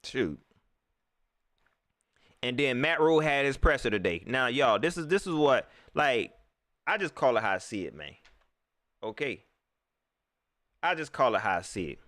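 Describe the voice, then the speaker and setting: A man hosting a live reaction stream, ranting in an animated way and talking straight to his viewers. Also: mid-range voice, normal speed, long pauses, dry recording.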